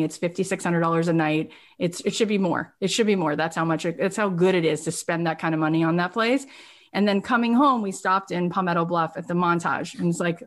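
A middle-aged woman business coach telling her students emphatic, animated stories. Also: lowish voice. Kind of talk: coaching talk.

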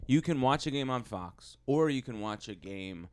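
Laid-back man, smooth clear voice. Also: mid-range voice, expressive, normal speed. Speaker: podcast co-host. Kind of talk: casual chat.

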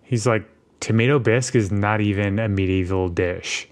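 A woman with a remarkably deep voice co-hosts a podcast in easy, casual chat. She drops in relaxed asides and quotes characters' lines. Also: moderate pace. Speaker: podcast co-host.

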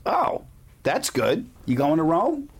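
A man's voice: on the high side, huge pitch swings, slow, very noisy. A man hosting a comedy podcast in a teasing way, laughing often. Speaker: podcast host. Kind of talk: casual comedy chat.

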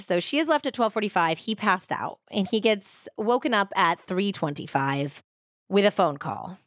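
Chatty woman podcast host, lowish voice. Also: a bit bright, no room sound, clean studio sound. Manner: chatty, lots of "like" fillers. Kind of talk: casual true-crime storytelling.

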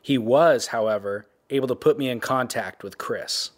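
A man's voice: mid-range voice, normal speed. A man narrating a documentary. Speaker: interviewer and narrator.

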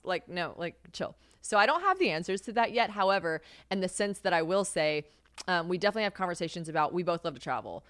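A young woman hosting her own podcast talks candidly about her life in casual chat, swearing freely, laughing often, and animatedly acting out quoted lines. Her mid-range voice runs a little fast, with clean studio sound and no echo.

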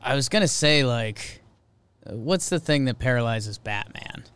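A man co-hosting a casual podcast, animated and enthusiastic, with a lot of "like". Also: medium pitch, measured pace, smooth, no room sound. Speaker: podcast co-host. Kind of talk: casual chat.

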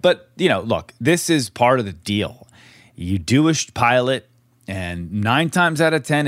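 A man's voice: medium pitch, no room sound, clean studio sound. A middle-aged man co-hosting a podcast, chatting candidly and rambling with frequent restarts. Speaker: podcast co-host, actor. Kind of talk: casual podcast chat.

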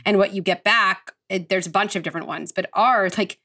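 A woman in her thirties or forties, a parenting psychologist speaking as a podcast guest, animated and acting out her own self-talk. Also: mid-range voice, fairly quick. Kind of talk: conversational podcast interview.

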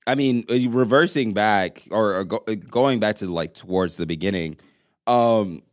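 A man co-hosting a casual movie podcast, agreeable and halting as he talks. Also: on the low side. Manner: agreeable, halting, many restarts. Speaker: podcast co-host. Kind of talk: casual chat.

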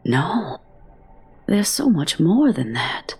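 A woman's voice: on the low side, very animated, slow pace, a little mellow, husky, pitched above the performer's own voice, heavily acted. A woman voicing an eager, coaxing male candy shopkeeper in a storybook reading. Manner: coaxing, wheedling.

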